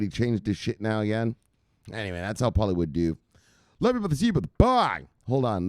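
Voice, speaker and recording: A man hosting a casual crypto news livestream, joking and cursing as he gives animated shout-outs to viewers. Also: fairly low pitch, no room sound, clean studio sound.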